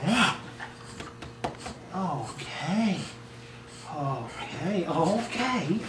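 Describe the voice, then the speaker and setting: A man coos at his dog in high, swooping baby talk, his voice leaping all over the place and drawn out slowly. He sounds distant from the mic in an echoey space. Loud noise runs underneath. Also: expressive. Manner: high coaxing sing-song pet talk. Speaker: dog owner home from work. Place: at home with a dog, snow nearby.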